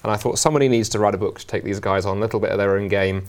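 Londoner guest, quick and animated, chatty with plenty of fillers. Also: male voice, on the low side. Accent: South London. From England. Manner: animated, jokey, many fillers. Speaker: guest, Christian scholar. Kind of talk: conversational interview.

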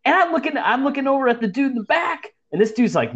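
A man's voice: very high voice, quick pace, hardly any pauses, muffled recording. A young man casually telling a story to friends, profane and slangy, acting out the people he describes. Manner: profane, slangy, animated retelling.

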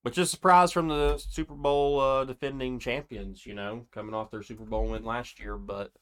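Male sports podcast co-host, mid-pitched, casual and meandering, argues by asking questions. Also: fairly even intonation, moderate pace, fairly bright tone, clean tone.

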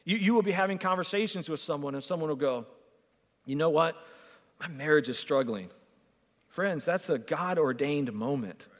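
Man, pastor, storytelling sermon, slightly high voice, long hall echo. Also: expressive, normal speed. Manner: storytelling, acts out dialogue.

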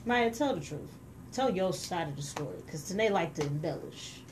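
A woman's voice: on the low side, animated, moderate pace. A woman hosting a casual chat, prodding the others with teasing questions. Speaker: host asking questions. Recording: clear background noise.

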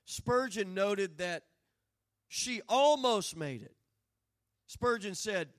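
A man preaching a sermon as pastor, moving from quiet storytelling to loud, rising proclamation. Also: high voice, lively intonation, slow, long pauses.

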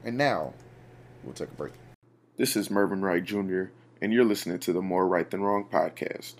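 A man hosting a podcast, chatting casually in a loose, slangy way with drawn-out stories. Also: low-pitched, slight background noise. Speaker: podcast host.

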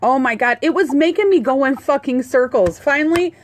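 Swearing, animated woman telling a story. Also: high-pitched, a little fast, a little hiss or hum. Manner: animated, swears a lot, acts out quotes. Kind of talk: casual storytelling chat.

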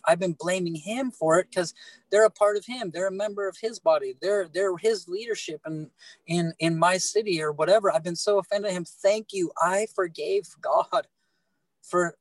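A middle-aged man telling his faith story in casual talk, animated and halting, often repeating words and restarting. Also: fairly high pitch, dry recording, poor audio. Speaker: guest telling his testimony.

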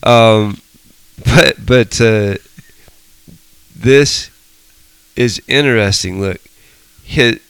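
A man's voice: mid-range voice, very slow, pauses often, a bit bright, clear, resonant tone, no echo, low-quality recording. A middle-aged man leading a Bible study, telling stories animatedly with frequent restarts. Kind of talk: casual teaching discussion.

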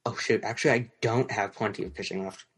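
A man's voice: lowish voice, fairly even intonation, quick pace, a bit bright, breathy edge. A male co-host makes fantasy baseball picks in a loose, casual conversation. He talks freely and keeps pressing his partner with questions about their rankings. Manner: chatty, quizzes his co-host. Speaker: podcast co-host.

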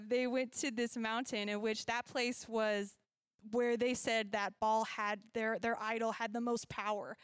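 A woman's voice: on the high side, a bit bright, clean tone, no room sound, clean studio sound. A woman teaching a casual Bible lesson to children at church. She is chatty, laughs often and corrects herself as she goes.

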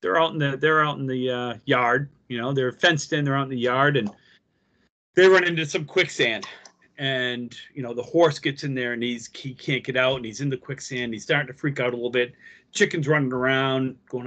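A man's voice: mid-range voice, moderate pace, fairly bright tone, dull audio. A man co-hosting a casual podcast, telling a long rambling joke and laughing with friends. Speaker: podcast co-host.

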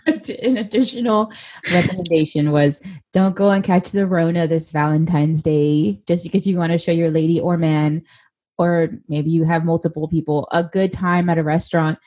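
A woman's voice: on the low side, steady tone, normal speed, dark tone. A woman co-hosting a podcast in a laid-back, joking, teasing way. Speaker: podcast co-host. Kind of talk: casual chat.

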